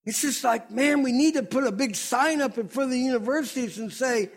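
A man's voice: extremely high pitch, fairly quick, hardly any pauses. A middle-aged man preaching a sermon as pastor, fiery and emphatic.

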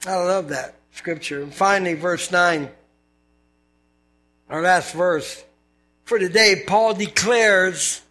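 A man's voice: sits high, a little slow, pushed and bright. A man preaching a sermon as pastor, in an earnest, conversational way with scripture readings.

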